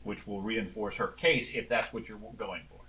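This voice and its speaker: A man runs a tabletop game, describing the scene in an easygoing way full of ums and restarts. His voice is bright and ringing. He sits a little away from the microphone. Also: on the low side, moderate pace, distant mic, a little hiss or hum, rough recording. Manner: relaxed, with frequent ums and restarts. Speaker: game master.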